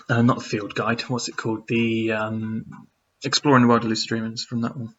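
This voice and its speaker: A man chats loosely on a live stream, reading viewer questions aloud and wandering through his answers with plenty of ums. His voice sits at an ordinary middle pitch. The stream audio is a little dull and lo-fi. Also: level tone, moderate pace, fairly bright tone, husky. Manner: rambling, reads out chat messages with many fillers. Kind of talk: casual live-stream chat.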